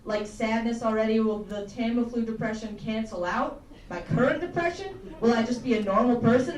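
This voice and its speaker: There's a little hiss or hum as a young woman from Tennessee, fairly high-pitched, delivers a rambling, self-deprecating comedy set full of swearing. She performs for a small live audience in a campus comedy room, recorded from a distance with a roomy sound and faint ambience.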